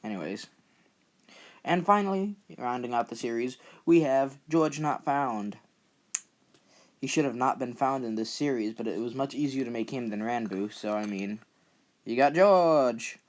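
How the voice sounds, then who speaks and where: A man's voice: medium pitch, moderate pace. A young man hosting his own channel, talking casually in a rambling, self-deprecating way and often repeating words as he goes. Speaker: channel host. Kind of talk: casual vlog commentary.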